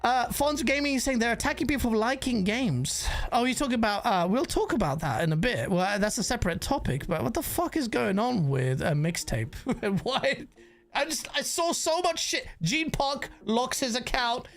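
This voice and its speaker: A woman's voice: a little high, animated, normal speed. A woman giving casual, rambling livestream commentary on gaming news, swearing freely and reacting to chat messages.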